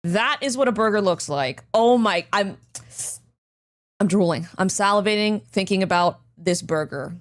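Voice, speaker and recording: Young woman streamer, lively swooping pitch, excitable, loose and profane. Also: moderate pace. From Canada. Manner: excitable, swearing, animated reactions. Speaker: streamer hosting a watchparty. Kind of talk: casual stream chat.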